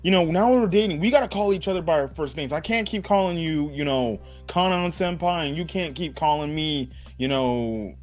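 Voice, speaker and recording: A man voicing a calm, matter-of-fact teenage boy in a plain, easygoing tone. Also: fairly high pitch, normal speed, hardly any pauses, faint music behind, pitched above the performer's own voice, natural voice. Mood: casual.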